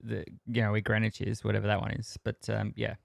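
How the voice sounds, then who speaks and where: An Australian man hosting a casual podcast, with a low, gravelly voice full of fry. He teases his co-hosts in a dry way, and his recording sounds close and dead. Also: completely flat delivery, quick pace, dry recording. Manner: dry, teasing. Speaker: podcast host. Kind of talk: casual chat.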